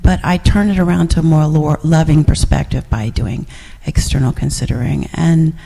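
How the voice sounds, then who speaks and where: Speaking in a big-sounding room, this middle-aged class participant offers her reflections in a low-pitched, creaky, mellow voice at a moderate pace. She rambles, filling her talk with fillers and restarts, and laughs frequently.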